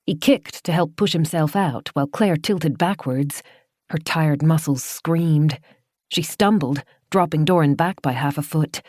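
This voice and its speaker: A woman narrating a horror audiobook in a steady, measured storytelling voice into a studio microphone. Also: deep voice, dry recording.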